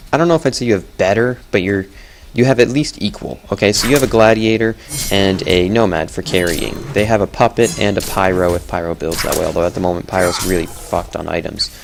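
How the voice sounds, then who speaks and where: A man's voice: sits low, gravelly, slight background noise. A young man giving casual, chatty commentary on a game replay, blunt and often correcting himself.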